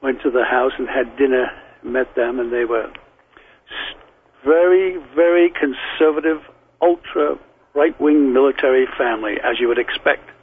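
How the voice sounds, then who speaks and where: Starszy mężczyzna z akcentem z Liverpoolu, przez telefon. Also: male voice, medium pitch, unhurried. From England. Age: older. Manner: rambling and anecdotal, with frequent restarts. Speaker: guest. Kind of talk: telling memories in an interview. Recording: tinny phone line with faint hiss.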